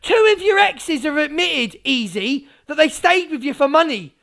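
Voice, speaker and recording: A woman's voice: sits high, animated, normal speed, gravelly, few pauses, a bit bright. A woman live streamer ranting, sweary, sarcastic and combative. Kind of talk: livestream rant.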